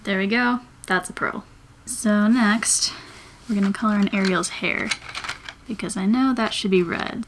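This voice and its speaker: Woman, 20s, vlogger, mid-pitched, chatty and rambling, thinks aloud while drawing. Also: measured pace, pauses often, slight background noise. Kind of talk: casual chat while drawing.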